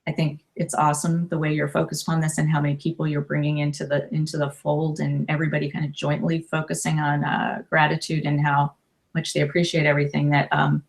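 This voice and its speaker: A woman in her fifties, a life coach and author, talking warmly and emotionally in a casual interview, with many restarts. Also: sits low, monotone, fairly quick, gravelly.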